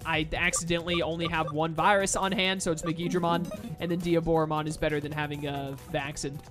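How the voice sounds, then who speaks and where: A man's voice: a little high, little pitch movement, fairly quick. A man giving casual, jokey commentary while playing a video game. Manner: laid-back, jokey, says "dude". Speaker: let's-play gamer. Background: faint game music.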